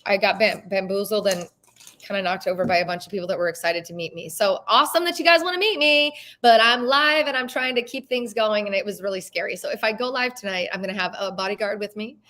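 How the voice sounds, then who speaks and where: A woman's voice: medium pitch, fast talker, sharp tone. A woman who hosts a real estate show, chatting casually and emotionally, with the odd swear word. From Las Vegas. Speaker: real estate agent and host. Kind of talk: casual chat.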